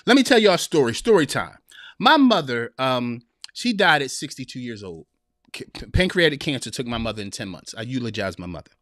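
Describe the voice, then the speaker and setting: A man's voice: medium pitch, big pitch swings, fairly quick, fairly bright tone, no room sound, clean studio sound. A man hosting a podcast, telling a personal story in a heartfelt, preacherly manner and speaking directly to listeners as sisters. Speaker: podcast host. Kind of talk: heartfelt motivational monologue.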